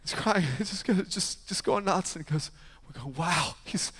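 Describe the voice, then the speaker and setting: A fairly high-voiced man preaches to his congregation, swinging from loud, emphatic peaks to hushed, almost whispered asides as he tells his story. His voice rings through a large church hall with a long, lingering reverb. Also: expressive, normal speed, slightly rough. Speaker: pastor. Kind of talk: sermon. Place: church sanctuary.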